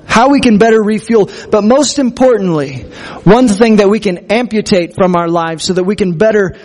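A man's voice: high voice, darkish tone. A man preaching a sermon as pastor, earnest and conversational, speaking to his congregation. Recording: long hall reverb.

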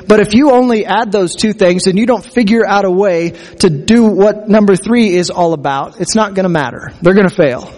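A man's voice: high voice, moderate pace, hardly any pauses, a little mellow. A man preaching a sermon as pastor, earnest and conversational, speaking to his congregation. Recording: long hall reverb.

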